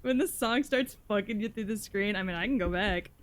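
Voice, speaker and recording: Swearing and grumbling as she plays, a worn-out young woman chats with viewers during a card game livestream. She speaks fairly quickly at a medium pitch, over faint background music and a touch of hiss or hum.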